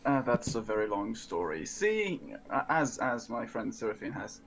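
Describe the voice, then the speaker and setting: A man's voice: on the low side, very animated, normal speed, slight background noise, rough recording. A man playing a tabletop game, hesitant and wry, slipping into his character's lines. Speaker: player.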